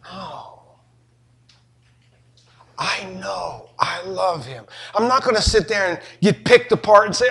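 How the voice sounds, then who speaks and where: A middle-aged preacher with a fairly high voice, telling homey stories and jokes to his congregation. He swings between soft asides and animated, emphatic preaching. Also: slow pace. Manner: folksy, joking, animated storytelling. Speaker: pastor. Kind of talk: sermon.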